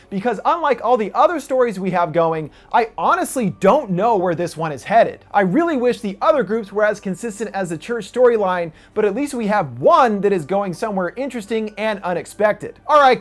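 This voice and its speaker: Recap host, scripted review read, opinionated with dry asides, mid pitch.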